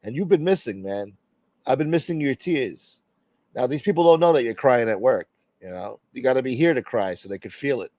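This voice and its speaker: Live-stream host, a man, mid-pitched, swearing, joking, on a dull dry recording. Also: expressive, brisk, a little mellow, no room sound. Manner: profane, joking, reading out viewer names. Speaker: livestream host. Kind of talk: casual live-stream chat.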